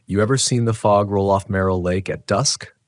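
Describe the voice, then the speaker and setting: A quiet, grave old ranger , as a narrator puts him on, speaking slowly and solemnly in a deep low voice. The recording is dry and close, with no room sound. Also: male voice, no echo, natural voice. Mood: ominous. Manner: slow, solemn warnings. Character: quiet older male former park ranger, grave.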